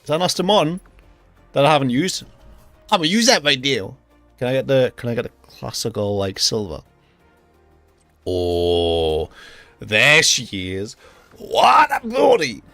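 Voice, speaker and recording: Young man, live game streamer, excitable, jokey, animated voice, loud music underneath. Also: medium pitch, moderate pace, long pauses, dry recording. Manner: excitable, joking, talks to himself. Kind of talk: live gaming commentary. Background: racing game music and engine sounds.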